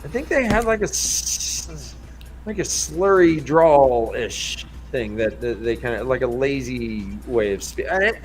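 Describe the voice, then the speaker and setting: A man's voice: mid-range voice, animated, a little slow. A man hosting a podcast, rambling through a casual book discussion with crude jokes. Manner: rambling and joking, with crude humor. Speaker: podcast host.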